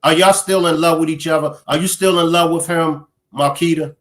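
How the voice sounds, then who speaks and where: Pressing, higher-voiced male host. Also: steady tone, normal speed, fairly bright tone. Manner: direct, pressing questions. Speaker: talk show host. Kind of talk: casual live-stream interview.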